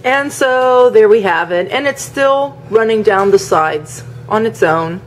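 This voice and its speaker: A woman's voice: medium pitch, expressive, measured pace, slight background noise. A woman from the northern United States hosting a home cooking video, chatting casually as she demonstrates a recipe, with fillers and rambling asides.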